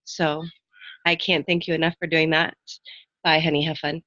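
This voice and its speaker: A woman giving a casual, quick testimonial on a group call. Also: low voice, level tone, bright, forceful tone, no echo, highs cut off. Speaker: program participant.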